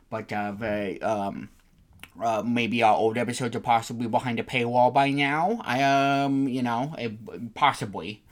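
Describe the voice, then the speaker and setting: A man hosting a comedy podcast in a put-on British accent, rambling with many fillers and restarts. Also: mid-range voice. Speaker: podcast host.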